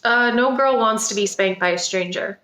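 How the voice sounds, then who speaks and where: A woman plays a dating coach who stays calm and measured under pressure. She sounds exasperated, in a roomy, echoey space. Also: fairly high pitch. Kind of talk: comedy sketch podcast.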